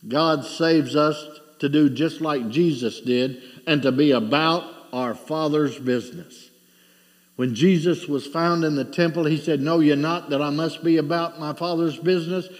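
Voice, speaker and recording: A man's voice: on the high side, measured pace, long reverb tail. A middle-aged man preaching a sermon, asking rhetorical questions and telling a story with rising and falling intensity.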